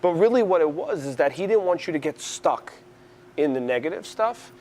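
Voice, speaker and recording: A man's voice: on the high side, normal speed, slight background noise. A man from New York City talking in a conversational interview, rambling with frequent restarts. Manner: rambling, restarts often, animated storyteller.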